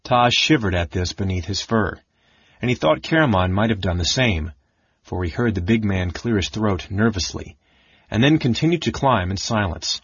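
Husky male audiobook narrator. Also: on the low side, normal speed, no echo. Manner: steady storytelling reading. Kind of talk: scripted narration. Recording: dull lo-fi dry recording.

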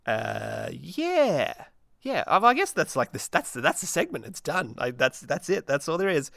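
A man hosting his own solo podcast, rambling in a manic, self-mocking way with many restarts and dark deadpan jokes. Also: mid-range voice, measured pace, gravelly, no room sound, clean studio sound. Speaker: podcast host.

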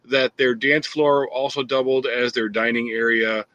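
A man's voice: medium pitch, fairly even intonation, a little slow, bright, forceful tone, no room sound, lo-fi sound. Laid-back man steering the questions. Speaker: livecast co-host who runs the questions. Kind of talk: casual chat.

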